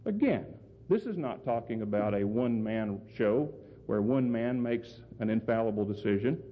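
A man's voice: on the low side, lively intonation, normal speed. A man preaching a sermon and explaining scripture, earnest and emphatic, often putting questions to his listeners. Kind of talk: sermon, Bible exposition. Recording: phone-like sound with long hall reverb.

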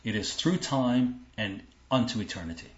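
In a roomy, dull lo-fi recording, a man with a fairly low voice and lively intonation preaches at normal speed. Acting as a Bible teacher, he reads scripture and explains it with earnest emphasis, frequently saying things more than once.

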